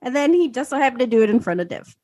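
Woman in her 30s, podcast cohost, swears a ton, kinda high voice, dry close sound. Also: very fast, dry recording. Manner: animated storytelling, swears freely, acts out quotes. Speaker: podcast co-host. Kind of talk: casual chat.

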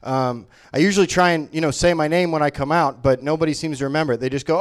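A man's voice: a little high, fast talker. A man does live stand-up into a handheld mic. He rambles with lots of energy and chuckles at his own jokes. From Memphis, Tennessee. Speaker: stand-up comedian. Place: small comedy venue on stage.

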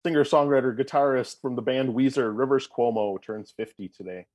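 Man in his forties, husky voice, casual podcast co-host, jokey asides. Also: medium pitch, a little fast, a little mellow. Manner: jokey, reads listings with asides. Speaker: podcast co-host reading birthdays. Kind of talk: casual chat.

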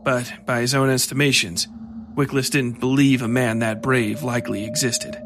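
A man reading a horror story aloud as its storyteller, in a measured, steady way. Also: medium pitch, soft background music. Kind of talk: scripted horror narration.

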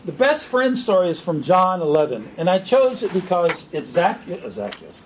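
A man preaching an informal sermon to a small group, animated and joking. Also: high voice, normal speed, a little hiss or hum, poor audio. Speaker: pastor.

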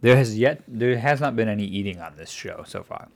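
A woman host with an unusually deep, low voice, chatting casually on a podcast. She asks pointed questions and drops dry asides. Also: expressive, brisk, vocal fry. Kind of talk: casual chat, interviewing.

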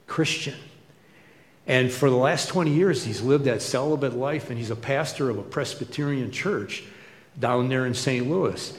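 Middle-aged preacher in an echoey hall. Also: male voice, mid-range voice. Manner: conversational, storytelling with asides. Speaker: pastor. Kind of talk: sermon. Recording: echoey hall with long reverb.

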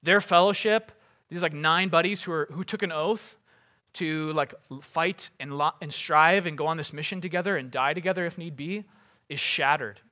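A man preaching with a bright, forceful voice pitched a little high. He explains things casually, with plenty of fillers and quick asides. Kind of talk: sermon.

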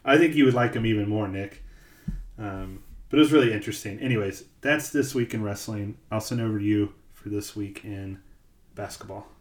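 A man's voice: lowish voice, a little fast, reverberant, a little hiss or hum. A man co-hosting a podcast, telling stories in casual chat with lots of ums and likes. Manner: rambling storyteller, many ums and likes. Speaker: podcast co-host.

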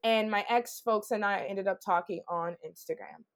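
A woman's voice: medium pitch, moderate pace. A woman being interviewed, telling her own story in a blunt, profane way with many "like"s. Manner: blunt, profane, heavy use of "like". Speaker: interview guest. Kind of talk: candid personal storytelling.

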